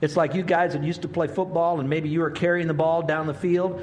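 Man in his sixties, pastor delivering a sermon, fairly high voice, lively storyteller who acts out quotes. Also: fairly quick. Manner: animated storytelling, acting out quotes.

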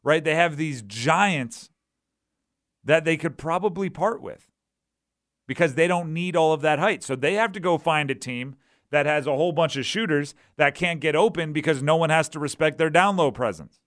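A man's voice: fairly high pitch, a little fast, a bit bright, no room sound, clean studio sound. A man hosting a sports talk radio show, talking casually and often checking in with "right?". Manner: conversational, keeps asking "right?".

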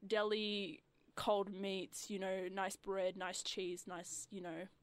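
Young woman, casual radio guest, rambling and filler-heavy, mid-pitched, dry studio sound. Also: flat delivery, slow, clean tone, dry recording. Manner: chatty, lots of "like" fillers, acts out customers.

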